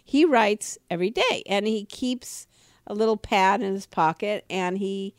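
A woman co-hosting a podcast, telling stories in a lively, emphatic way with sudden rises in her voice. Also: measured pace, no room sound, clean studio sound. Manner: animated storyteller, emphatic rises in pitch. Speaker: podcast co-host. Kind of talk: casual podcast conversation.

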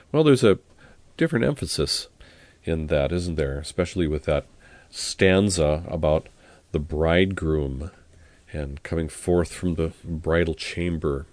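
A man teaching about a Latin hymn, talking it through in a relaxed way and singing the plainsong verses. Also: extremely low pitch, unhurried, no room sound. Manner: relaxed explanatory talk with fillers. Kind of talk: spoken explanation and sung Latin hymn.

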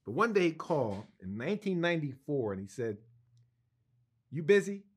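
A man being interviewed as a guest co-writer, telling an anecdote in an animated, excited way, with restarts and laughs. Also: a little high, fast talker, breathy edge.

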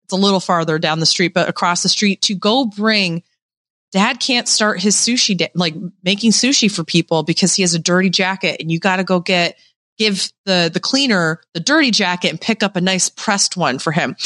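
A young woman with a bright, clear tone tells anecdotes on a casual podcast. She animates the stories by playing out the people she quotes. The sound is close and dry. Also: medium pitch, dry recording. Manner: animated storyteller, acting out quoted voices. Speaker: podcast co-host. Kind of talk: casual chat.

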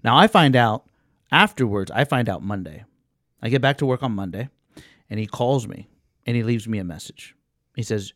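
Animated man telling a story. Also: medium pitch, normal speed, long pauses, no echo, studio quality. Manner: animated, acts out voices in the story. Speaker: podcast co-host. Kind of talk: casual storytelling.

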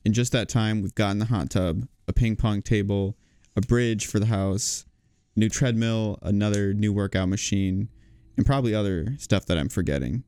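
A man's voice: on the low side, moderate pace, a little mellow, clear, resonant tone, no room sound. A male medical student explaining house rules in a friendly, plain way. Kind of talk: casual explanation.

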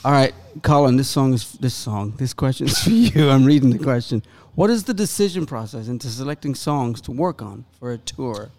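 A man's voice: medium pitch, lively intonation, a little fast, hardly any pauses, darkish tone. A man in a band chatting casually and playfully on a backstage podcast. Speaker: band member.

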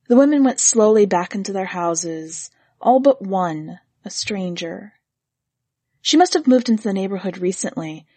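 A woman narrating a story in a measured, gently expressive reading. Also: mid-range voice, slightly rough, no room sound.

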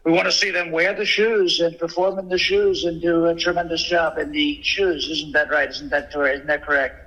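A braggy, rambling presidential impression, heaped with superlatives, as a man puts it on. The voice sits a touch high and stays oddly flat in pitch. Its tone is bright and edgy, with a husky rasp underneath. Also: normal speed, low-quality recording. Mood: boastful. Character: impression of a boastful male former president.

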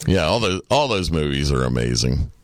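A man's voice: very deep voice, big pitch swings, normal speed, dry recording. A man co-hosting a podcast in casual chat, laid-back and swearing freely. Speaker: podcast co-host.

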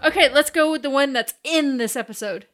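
A woman co-hosting a podcast in an easygoing, giggly manner. Her voice is high and bright. She chats casually with her co-host. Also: a little fast, soft background music. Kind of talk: casual chat.

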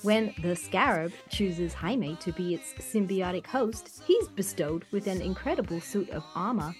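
A woman voicing a calm female alien AI scarab, reading in an even, steady way. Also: lowish voice, a little slow, soft background music. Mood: measured.

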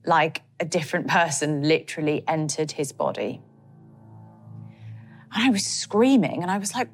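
Halting, low-voiced woman giving testimony. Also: breathy edge, faint music behind. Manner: halting, emotional, many fillers. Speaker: interviewee recounting a personal account. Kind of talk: emotional testimony interview.

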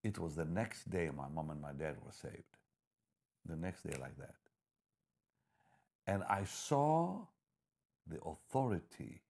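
A man with a low, gravelly and somewhat husky voice preaches a sermon. He tells his testimony in a quiet, confiding tone, then swells into forceful, emphatic scripture reading. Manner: swings between hushed storytelling and loud emphatic preaching.

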